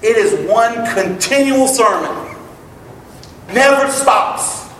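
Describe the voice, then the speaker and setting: A man preaching a sermon to his congregation, emphatic and building to loud exclamations. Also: very high-pitched, expressive, slow pace, far from the mic, slight background noise. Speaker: pastor. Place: church sanctuary. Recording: echoey hall, picked up from afar.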